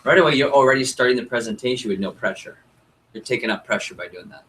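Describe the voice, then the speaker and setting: A young man running a sales training workshop, coaching a group and acting out customer dialogue in an energetic way. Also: mid-range voice, fast talker, poor audio. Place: meeting room with group.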